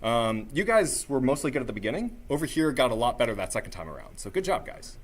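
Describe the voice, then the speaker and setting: A man runs a live workshop in a middle-pitched voice, drawing on his singing background to coach the room. He is energetic and coaxing, and he keeps checking in with short "right?" and "okay?" prompts. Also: fast. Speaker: workshop presenter.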